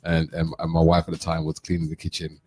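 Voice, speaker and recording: A middle-aged man hosting a radio chat, telling lively anecdotes and acting out what people said. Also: extremely low pitch, quick pace, slightly rough. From London. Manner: animated anecdote telling, acts out quotes. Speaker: radio show host. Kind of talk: casual storytelling chat.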